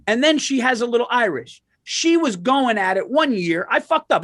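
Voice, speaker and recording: A man co-hosting a podcast, telling animated comedic stories with lots of swearing and restarts. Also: very high voice, normal speed, no room sound, clean studio sound. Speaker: podcast co-host. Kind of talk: casual comedic chat.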